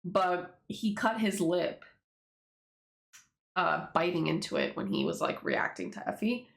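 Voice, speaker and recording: Her voice sits on the low side and is creaky, its pitch swooping wildly while her pace stays measured. She's a webtoon creator reading her comic aloud, chatting casually, cursing freely, and laughing in an echoey room.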